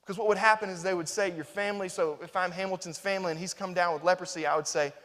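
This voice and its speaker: A man preaching a sermon, swinging between loud, emphatic stretches and hushed, tender ones. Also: sits high, steady tone, quick pace. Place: church sanctuary. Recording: reverberant church hall.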